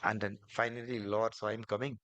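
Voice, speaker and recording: A swami, a man, telling devotional stories in a sermon, animated and repetitive, building emphasis as he goes. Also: fairly low pitch, a little fast, lo-fi sound, slight background noise. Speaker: swami, spiritual teacher.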